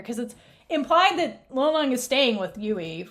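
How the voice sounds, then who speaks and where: A woman co-hosting a casual recap podcast, animated and laughing often as she acts out characters' lines. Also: high voice, moderate pace. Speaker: podcast co-host.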